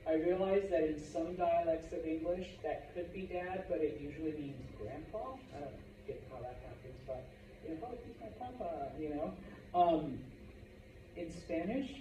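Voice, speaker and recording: A man's voice: a little high, background noise. A man teaching a Spanish vocabulary lesson to a class, chatty, with joking asides and frequent "okay?" check-ins.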